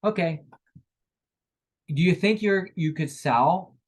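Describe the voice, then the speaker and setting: A man with a fairly high voice runs a motivational sales training. He speaks with energy, switching into little acted-out conversations with customers to make his points. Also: slow. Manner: energetic, acts out sales dialogues.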